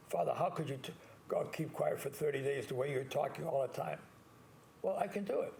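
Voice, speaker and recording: An older man with a gravelly, creaky voice sitting a little high, talking as a priest on his own call-in show. He leans on single words, slows right down to stress them, and restarts himself often. A faint low rumble sits under the recording. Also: darkish tone. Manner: earnest, repetitive, stresses key words slowly, with frequent restarts. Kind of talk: call-in show monologue, motivational advice.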